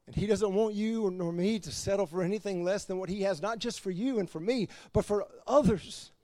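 A man preaching as pastor, animated, laughing between points and dropping to quiet emphasis. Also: high voice, brisk, dry recording. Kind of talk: sermon.

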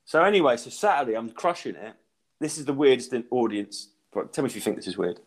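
Stand-up, middle-aged, casual podcast storyteller, very lively delivery, swears a lot. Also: male voice, medium pitch, fast. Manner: animated storyteller acting out voices, swearing freely. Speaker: podcast co-host, stand-up comedian.

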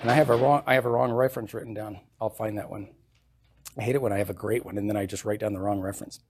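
A man's voice: lowish voice, steady tone, fast talker, slightly rough. Preaching man, emphatic scripture reading. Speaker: pastor. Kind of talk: sermon. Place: church.

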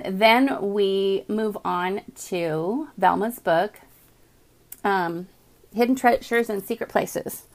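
A woman's voice: mid-range voice, a bit bright. A woman hosting a live inspirational talk stream, chatty and enthusiastic, often calling her viewers "guys" and reading uplifting passages aloud. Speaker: host.

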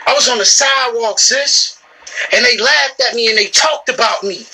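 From her shop, a business owner gives a motivational talk to camera, emphatic and preachy, repeating the same lines over and over while calling listeners "bro" and "sis." Her slightly high voice sounds bright, forceful and a bit rough at normal speed, on a low-quality recording.

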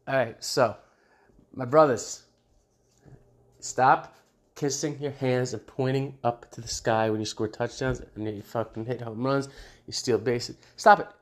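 A man hosting his own show in a casual unscripted monologue, blunt and profane, often laughing at his own jokes. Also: medium pitch. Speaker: show host.

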